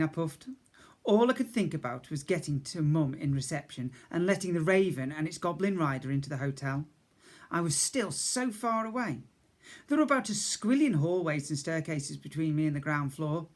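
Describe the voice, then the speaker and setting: A man's voice: a little high, moderate pace. A man, a teacher, reading a storybook aloud to young children, stopping to ask questions and explain words.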